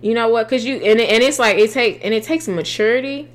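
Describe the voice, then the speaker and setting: A woman's voice: on the high side, quick pace. An earnest young woman talks about faith in a loose, conversational way. She often restarts her sentences and drops into casual slang as she builds her point.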